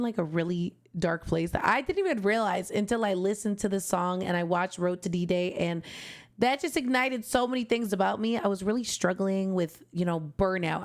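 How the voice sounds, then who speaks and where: Heartfelt young woman gushing over music. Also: medium pitch. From Canada. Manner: heartfelt, gushing, tearful at times. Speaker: music reaction streamer. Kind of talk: emotional casual reaction commentary.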